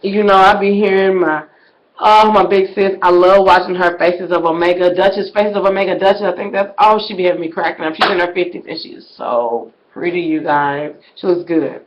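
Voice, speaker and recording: With fairly low pitch and fairly even intonation, she talks briskly to viewers in a loose vlog, repeatedly saying "y'all." Near-whispers give way to loud exclamations, and the sound is lo-fi.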